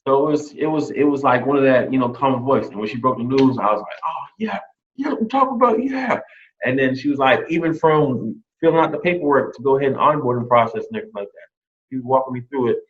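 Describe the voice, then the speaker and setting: A man who was just hired as a teacher, telling a lively story in a casual interview and acting out what other people said. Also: medium pitch, fast talker. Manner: animated, quotes others in lively re-enactments. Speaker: new teacher hire. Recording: dull lo-fi sound.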